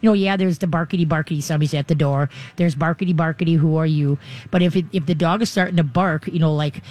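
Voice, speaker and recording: Dog trainer, casual advice, rambling and quick, mid pitch, jumps into high voices to act out owners and dogs. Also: darkish tone.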